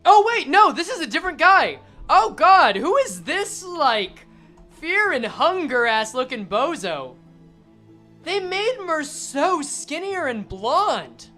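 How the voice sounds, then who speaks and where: A woman's voice: high-pitched, big pitch swings, bright, forceful tone, faint music behind. A woman streamer reading game text aloud and commenting casually, swearing and joking as she goes. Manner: casual, swearing, quick jokes.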